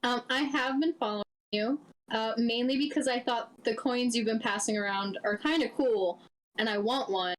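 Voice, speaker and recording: A woman's voice: on the high side, normal speed, slight background noise, natural voice. A woman voicing a small, teasing male rogue.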